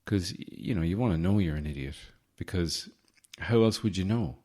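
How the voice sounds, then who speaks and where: A man hosting a casual solo podcast from home, rambling with deadpan joking asides. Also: low-pitched, moderate pace. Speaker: podcast host. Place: home in the city centre.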